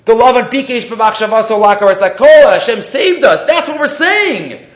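Man, high pitch, Torah lesson, lively and questioning, echoey dull recording. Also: normal speed. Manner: lively, questioning, mixes Hebrew and Yiddish terms. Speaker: Torah teacher. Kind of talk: weekly Torah portion class.

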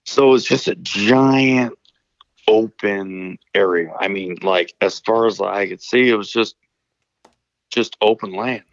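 A man's voice: on the low side, takes it slowly, no room sound, lo-fi sound. A man from Illinois, calling in to a show, telling a story casually, rambling and swearing with many restarts. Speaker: caller telling stories.

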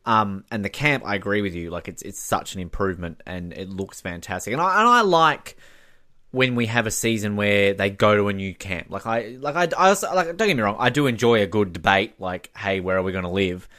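A man co-hosting a podcast, rambling, animated and casual with lots of fillers. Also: lowish voice, fairly quick. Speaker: podcast co-host. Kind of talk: casual recap chat.

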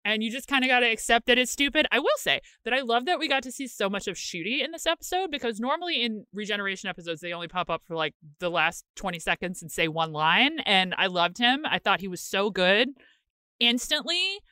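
A woman's voice: mid-range voice, animated, brisk, sharp tone, clean tone, no room sound, clean studio sound. A young adult woman, a guest contributor on a podcast, talking emphatically and expressively in casual chat.

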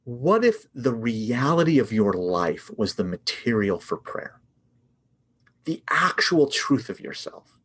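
A man talking casually on a podcast about his book, lively and often laughing as he acts out little prayers. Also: medium pitch, slow, slightly rough. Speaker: author and guest.

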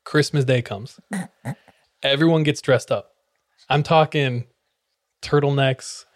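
A man's voice: mid-range voice, fairly even intonation, slow. Laughing, swearing young man telling a story. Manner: laughs often while telling; swears freely. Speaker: podcast host. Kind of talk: casual storytelling.

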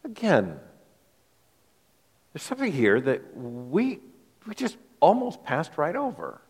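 A man's voice: fairly high pitch, wildly swooping pitch, slow, a little mellow, husky. A male pastor preaching an expository sermon to his congregation, emphatic, often repeating words as he thinks aloud. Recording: long hall reverb.

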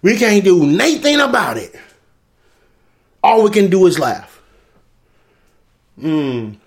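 A man with a fairly high voice rants about politics in slow, drawn-out phrases. He is profane and keeps breaking into laughter as he mocks the news. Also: wildly swooping pitch. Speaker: commentary show host. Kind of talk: comedic political rant.

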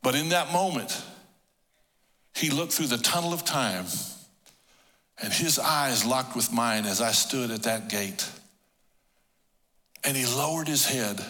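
A middle-aged male pastor preaching a sermon, telling stories with emotion that swings from hushed to loud. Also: mid-range voice, in a large hall. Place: church hall.

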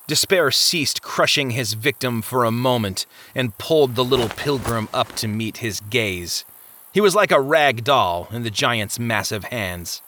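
Give me a man reading a dramatic audiobook over music, middle pitch. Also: expressive, a little slow, sharp tone. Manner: dramatic, vivid storytelling. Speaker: audiobook narrator. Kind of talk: scripted narration.

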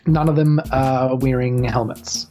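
Low-voiced woman running a tabletop game. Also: fairly even intonation, a little slow, mellow, faint music behind. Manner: easygoing, filler-heavy narration. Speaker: game master.

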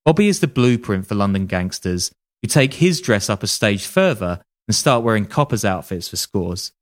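A man's voice: on the low side, expressive, moderate pace. A man telling a true-crime story casually on a podcast, with wry joking asides and casual swearing. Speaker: podcast host.

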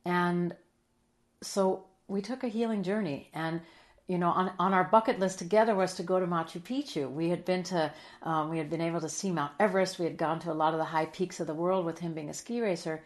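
A middle-aged woman in a heartfelt interview, telling a personal story with earnest emotion, sometimes dropping soft and quiet. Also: fairly low pitch, brisk. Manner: earnest and emotional, drops soft and quiet, then lively when quoting. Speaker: guest.

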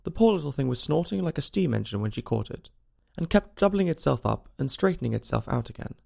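A man narrating a storybook aloud in an expressive, lilting manner. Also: fairly high pitch, fast, creaky.

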